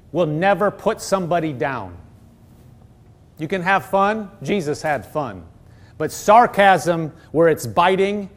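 A man with a notably high voice preaching a sermon from a stage microphone. He reads scripture aloud and comments on it earnestly, slowing down to press home his main points. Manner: earnest, emphatic preaching with slowed, stressed phrases. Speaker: pastor.

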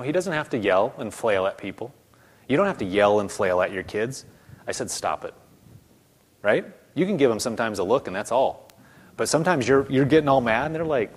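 A man preaching a sermon in a conversational way, stumbling over repeated words and acting out quoted voices. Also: mid-range voice. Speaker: pastor.

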